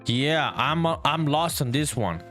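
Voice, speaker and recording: Young male indie dev on a live stream; relaxed, profane chat with viewers, voice a touch high, quiet music bed. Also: measured pace. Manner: profane, laid-back, reads chat aloud while working; calls viewers "dude". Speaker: solo indie game developer streaming live.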